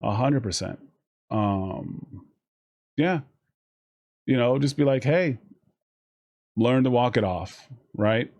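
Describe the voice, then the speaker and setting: A man's voice: mid-range voice, slow pace, long pauses. Profane, rambling man giving advice on stream. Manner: profane, rambling, animated with voiced asides. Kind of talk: casual advice chat.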